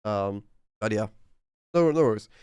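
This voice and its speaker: A man hosting a casual developer podcast, relaxed and easygoing. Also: fairly low pitch, unhurried, clean tone, no room sound, studio quality. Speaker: podcast host.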